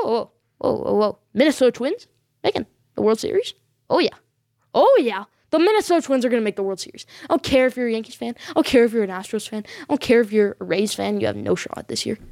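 A woman's voice: fairly high pitch, lively intonation, fast, creaky, darkish tone, dry recording, clean studio sound. A woman hosting a sports vlog, giving her predictions in an emphatic, insistent way and backing them up with short repeated affirmations.

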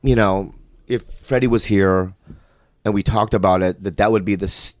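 A man, a comedian, telling an earnest, halting story in casual podcast chat. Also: on the low side, steady tone, dry recording, studio quality. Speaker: stand-up comedian.

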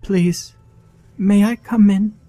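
Man putting on a high, timid little girl's voice for a horror story, soft and pleading. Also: fairly even intonation, slow, soft background music. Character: frightened sweet little blonde girl.

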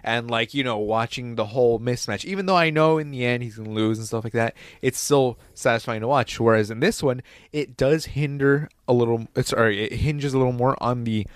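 A man's voice: mid-range voice, brisk, hardly any pauses, clean tone, no echo, clean studio sound. A young man hosting a casual film-review chat, rambling, swearing freely and acting out scenes.

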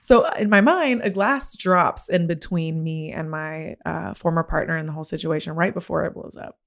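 A young woman hosting a podcast, candidly retelling a personal experience in animated, expressive conversation with lots of "like". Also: deep voice, moderate pace, vocal fry. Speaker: podcast host.

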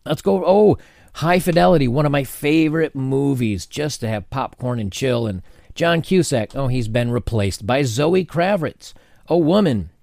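A man talking straight to his camera in a casual commentary rant, his pitch sitting in an ordinary middle range. He is animated and sarcastic, tossing in jokey asides and restarting his sentences often. The sound is dry and close, with no room around it. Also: normal speed, gravelly, dry recording. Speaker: commentary channel host. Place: home setting with changing sunlight.

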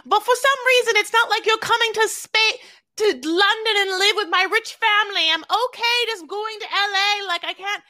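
A woman mimicking a shrill spoiled rich girl. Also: moderate pace, bright, forceful tone, no echo. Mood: mocking. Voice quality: shrill, exaggerated mocking tone. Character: spoiled rich young London woman, defensive.

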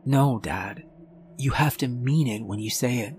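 A gentle young daughter pleads softly and earnestly in a spoken horror story. Her voice sits noticeably higher than the reader's usual tone, as a man puts her on. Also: unhurried, a little hiss or hum, close to an everyday voice.

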